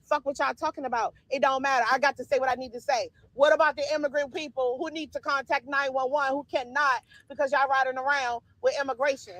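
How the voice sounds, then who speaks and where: A man's voice: extremely high pitch, flat delivery, quick pace, hardly any pauses, fairly bright tone, no echo, rough recording. A man livestreaming from a city street and car, talking in a profane, emphatic, repetitive way. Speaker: livestreamer at a protest. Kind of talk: livestream commentary.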